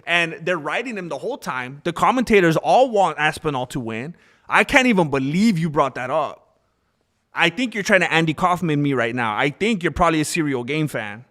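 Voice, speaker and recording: Brief: a man ranting on a live stream, argumentative and animated, higher-pitched voice with a lot of swing. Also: fairly quick. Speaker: streamer and fight commentator. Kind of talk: casual live-stream commentary.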